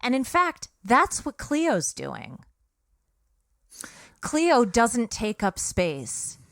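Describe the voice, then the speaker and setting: Earnest, clear-voiced woman podcast host. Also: fairly high pitch, wildly swooping pitch, drawn-out words, fairly bright tone, dry recording, clean studio sound. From Britain. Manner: earnest, emphatic, with frequent restarts. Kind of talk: casual podcast discussion.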